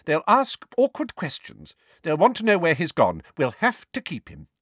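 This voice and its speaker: A man voicing a shrill, snappish middle-aged woman with a trembling voice. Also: huge pitch swings, normal speed, a bit bright, husky, no room sound, studio quality, full character voice.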